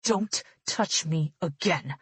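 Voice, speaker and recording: A woman's voice: lowish voice, brisk, breathy edge, dry recording. Woman doing a drugged, snarling young man. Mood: hissing menace. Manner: hissing, snarling threats.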